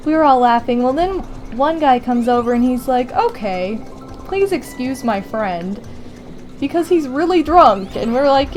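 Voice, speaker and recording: A young woman hosting a gaming video, telling a funny story in a casual, animated way with many fillers and frequent laughter. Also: a little high. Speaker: gaming channel host. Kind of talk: casual storytelling over gameplay.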